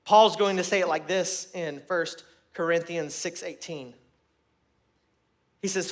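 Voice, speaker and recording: A man preaching a sermon to a room, earnest and repeating his points, growing loud and emphatic at key moments. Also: high-pitched. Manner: earnest, repeats phrases, restarts words.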